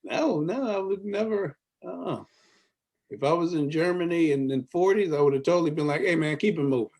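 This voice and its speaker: A man's voice: fairly high pitch, moderate pace, darkish tone. A man guesting on a comedy podcast, talking in a playful, teasing way and laughing often. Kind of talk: casual comedy chat.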